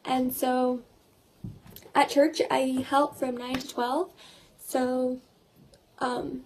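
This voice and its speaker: Chatty teenage girl, high voice. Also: little pitch movement, very slow, darkish tone, a little hiss or hum. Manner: chatty, laughing, retelling with quoted voices. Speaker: vlogger. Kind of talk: casual video diary.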